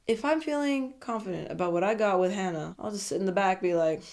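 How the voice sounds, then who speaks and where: A woman's voice: mid-range voice, expressive, brisk, few pauses, darkish tone. Chatty opinionated woman vlogger. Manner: chatty and opinionated, jumps into playful character voices. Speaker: TV show recap vlogger. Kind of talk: casual commentary monologue.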